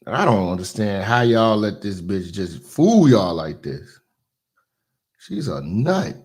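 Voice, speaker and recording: A man hosting reaction commentary, ranting loudly and profanely, then dropping to a mutter. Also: fairly low pitch, very animated, slow pace, breathy edge. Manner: loud ranting, swings to muttering. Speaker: commentary host.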